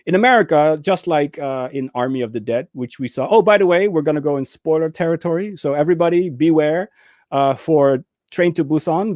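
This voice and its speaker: A man's voice: a little high, no echo. A man co-hosting a casual movie discussion, telling stories with lots of energy and acting out scenes in raised voices. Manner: animated storyteller, acts out scenes in raised voices. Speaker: co-host of a movie talk show.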